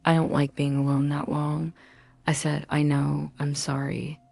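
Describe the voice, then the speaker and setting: A woman telling a personal story in a quiet, subdued first-person confessional narration. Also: deep voice, little pitch movement, measured pace, gravelly.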